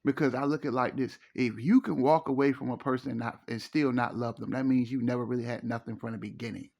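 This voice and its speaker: A man's voice: mid-range voice, fairly even intonation, fast, vocal fry, darkish tone, dull audio. A middle-aged man, giving preachy, emphatic relationship advice in a casual monologue and repeating his phrases. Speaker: relationship commentator.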